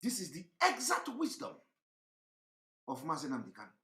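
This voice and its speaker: Fiery man, bright and echoey. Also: huge pitch swings, normal speed. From Nigeria. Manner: preachy, repetitive, rhetorical questions, swings between shouting and low tones. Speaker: online broadcaster. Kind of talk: impassioned livestream commentary.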